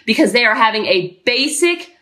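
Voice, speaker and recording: Woman, middle-aged, parenting coach, podcast talk, bright tone, slightly higher voice, emphatic, repeats her points. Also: moderate pace, roomy sound. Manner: energetic and emphatic, repeats key phrases.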